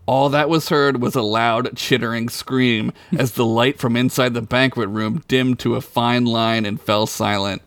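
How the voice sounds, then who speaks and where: A man, a podcast host, reading his own story aloud in a relaxed, playful way. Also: mid-range voice, measured pace, few pauses, no room sound.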